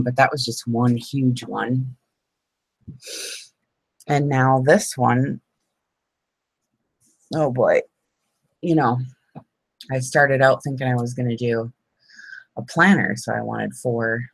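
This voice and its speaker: A woman's voice: very deep voice, fairly even intonation, slow, creaky, long pauses, breathy edge, no room sound, rough recording. A middle-aged woman chatting casually on a crafting live stream, rambling and laughing often. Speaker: crafting vlogger.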